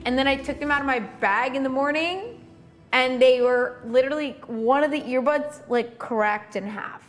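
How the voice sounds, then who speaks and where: A woman's voice: high voice, normal speed. Chat casually as a young woman hosting a crafting stream, full of likes and fillers. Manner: chatty, lots of likes and fillers. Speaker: host. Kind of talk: casual chat while styling a wig. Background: music.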